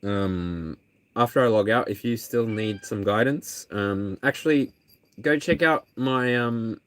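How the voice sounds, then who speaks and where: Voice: medium pitch, unhurried, dry recording. An energy reader chatting candidly on a live stream, earnest and rambling, with restarts and ums along the way. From Australia. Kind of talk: casual live stream chat.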